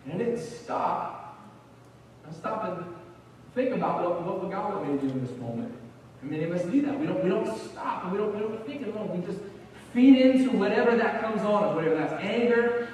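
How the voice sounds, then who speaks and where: A man's voice: high-pitched, a little mellow, slight background noise. A man preaching a sermon in a conversational way, often repeating words as he gets going. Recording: echoey hall, far from the mic.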